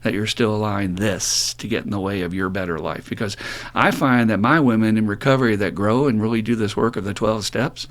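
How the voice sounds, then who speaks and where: A middle-aged man co-hosting a podcast, talking bluntly with plenty of swearing and acting out the voices of the people he describes. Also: brisk. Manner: blunt, profane, animated storytelling; acts out quoted voices in a raised pitch. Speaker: podcast co-host. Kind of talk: casual podcast talk.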